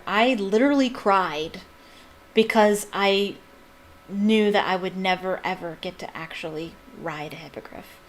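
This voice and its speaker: A woman reading a novel aloud as a devoted fan. She stops now and then for enthusiastic, chatty asides. Her voice sits at a medium pitch. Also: rough recording.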